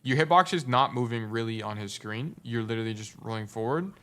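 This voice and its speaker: A man's voice: mid-range voice, fairly quick, bright, forceful tone. A young adult man giving casual gameplay review commentary as a coach, blunt and teasing, repeating his points for emphasis. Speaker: game coach.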